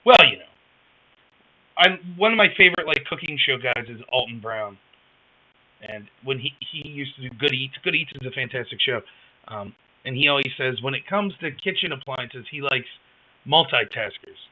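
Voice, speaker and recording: A man's voice: medium pitch, animated, normal speed. A man hosting a casual live stream, rambling wryly and reacting to chat on a wireless headset. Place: home, rural area. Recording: dull lo-fi headset mic.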